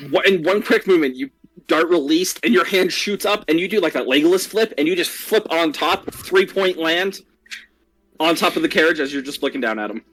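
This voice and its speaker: Lively man running a tabletop game. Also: a little high, brisk, low-quality recording. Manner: lively, rambling descriptions with restarts. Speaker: game master.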